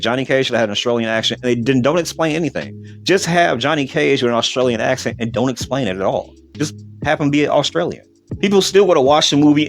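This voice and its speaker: A man hosting a podcast, giving a blunt, profane, rambling movie review. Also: medium pitch. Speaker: podcast host. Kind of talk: casual movie review rant.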